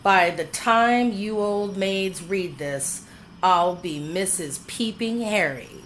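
A woman's voice: fairly low pitch, slow pace, a bit bright, slight background noise. A woman voicing a spoiled, scheming young woman who snaps impatiently. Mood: petulant. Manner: snappish, impatient.

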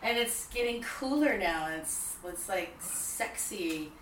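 Woman radio host, playful, lively pitch, echoey studio. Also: slow pace, very noisy. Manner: playful, teasing. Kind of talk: casual radio chat. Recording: echoey room.

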